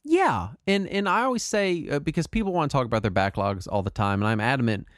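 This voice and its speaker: A man in a casual podcast conversation with a mid-range voice, recorded close and dry with no room sound. He talks in an animated, emphatic way, stumbles over restarts and swears now and then. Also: medium pitch, quick pace, dry recording. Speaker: podcast co-host.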